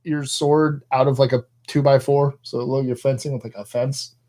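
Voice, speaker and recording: A man's voice: medium pitch, level tone, moderate pace, warm tone. A man co-hosting a casual live stream, joking and teasing his partner in loose banter. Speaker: co-host.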